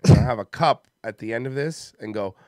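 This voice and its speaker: A man's voice: medium pitch, brisk, darkish tone, no room sound, studio quality. A man hosting a comedy podcast, rambling and joking in casual banter, worn out from a busy day. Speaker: podcast host.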